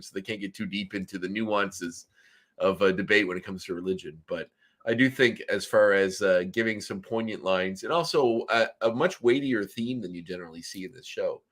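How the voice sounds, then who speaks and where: A man's voice: sits low, fairly bright tone. A man from Nova Scotia co-hosting a casual review podcast, rambling with many ums and restarts. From Canada, Nova Scotia. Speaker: podcast co-host.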